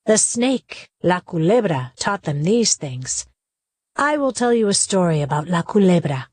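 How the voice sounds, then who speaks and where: A woman voicing a kind old grandmother who gently tells her grandson a story, in a storybook play. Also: on the low side, sing-song, a little slow, no room sound, clean studio sound. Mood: gentle. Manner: gentle explaining.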